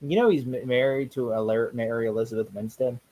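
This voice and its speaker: A man in casual chat at a movie watch party, animated and argumentative, swearing freely. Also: mid-range voice, fast talker, rough recording.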